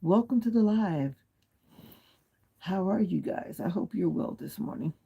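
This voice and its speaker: Very gravelly, husky man on a livestream. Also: high-pitched, expressive, unhurried, phone-quality sound. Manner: chatty, answers viewer comments one by one; firmly polite about clean language. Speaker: livestream host. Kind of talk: casual livestream chat. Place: at home, lying back with pillow and comforter.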